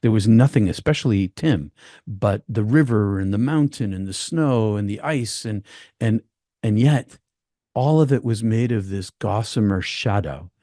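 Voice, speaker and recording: A man with a low, warm, relaxed voice recounts a personal story as a podcast guest. He speaks haltingly and often repeats words, and the recording is dry and close. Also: no echo.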